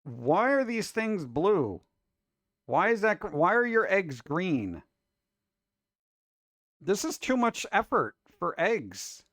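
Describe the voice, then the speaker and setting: An exasperated man hosting a casual food-video reaction show, with a fairly high voice that swings up and down in a lively way. He keeps cracking jokes between complaints. The recording is dry and close to the mic. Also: takes it slowly, pauses often, dry recording. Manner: exasperated, wisecracking, animated.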